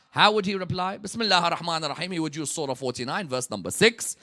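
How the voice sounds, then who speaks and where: A man preaching a sermon, telling the story dramatically and swinging from hushed passages to loud, rising peaks. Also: a little high, expressive, fast, hardly any pauses. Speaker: preacher at a religious gathering.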